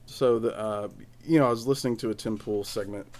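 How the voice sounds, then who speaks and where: A man's voice: on the low side, steady tone, brisk, darkish tone. A man hosting a casual solo podcast from home, rambling with many restarts and fillers. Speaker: podcast host.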